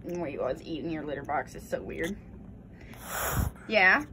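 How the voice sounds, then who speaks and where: A woman's voice: low voice, animated, moderate pace, bright, forceful tone, slight background noise. A woman talking to her pet genet in teasing, coaxing baby talk. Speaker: exotic pet owner.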